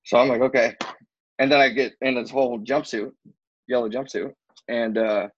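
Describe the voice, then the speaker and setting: A young man with a husky, slightly breathy voice tells an animated story among friends, slipping into other people's voices for the quotes. The sound is dry and a bit dull. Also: medium pitch, moderate pace, no room sound. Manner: animated storyteller, acts out quotes, swears freely. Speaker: guest telling a story.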